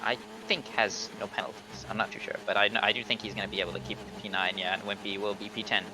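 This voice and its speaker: A man's voice: fairly low pitch, flat delivery, quick pace, background noise. A young man co-commentating a sim race, casual and a little hesitant. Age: young adult.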